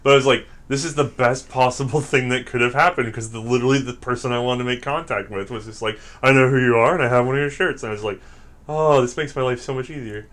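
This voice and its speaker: A man from the American South telling stories in casual chat, animated and acting out the quotes, laughing often. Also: mid-range voice, fast talker.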